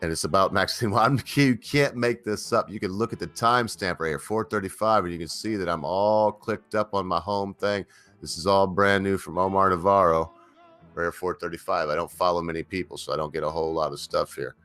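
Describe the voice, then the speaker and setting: A man's voice: deep voice, steady tone, a little fast, a bit bright. A man hosting his own channel, giving a casual, rambling opinion rant with emphatic bursts and many fillers and restarts. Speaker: channel host.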